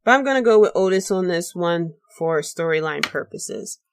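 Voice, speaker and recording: A woman with a fairly low voice hosts her own podcast alone. She talks casually and rambles a little, full of fillers and restarts, sounding tired late at night. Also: expressive, normal speed. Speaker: podcast host. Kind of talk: casual solo podcast talk.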